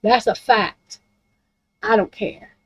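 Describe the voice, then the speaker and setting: A woman's voice: a little high, very animated, takes it slowly, slightly rough, poor audio. A woman in a casual, rambling rant about true crime, blunt and heavy on profanity.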